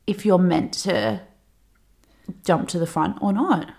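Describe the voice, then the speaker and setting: Young woman co-host, lower-pitched, reassuring and chatty. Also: slow, gravelly, darkish tone. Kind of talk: casual chat.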